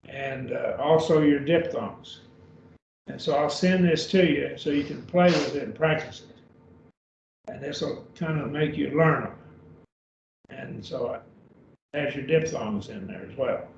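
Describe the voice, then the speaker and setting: This Greek teacher works with beginners by video call, slow and patient, repeating every word. His voice sits on the high side, creaky and darkish, and the sound is dull, roomy and far off, with faint hiss.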